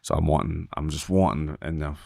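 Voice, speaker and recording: A man's voice: a bass voice, fairly quick, creaky, no room sound, clean studio sound. A man, a guest on a podcast, telling a story in casual talk, acting out the quoted voices and swearing freely. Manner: animated, acts out quoted dialogue, swears freely. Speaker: podcast guest, team roper.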